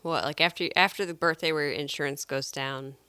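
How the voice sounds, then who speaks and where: A woman from Missouri, co-hosting a casual podcast, joking playfully with puns and quick laughs. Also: low-pitched, fairly even intonation, pushed and bright, smooth, dry recording. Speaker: podcast co-host. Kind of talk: casual chat.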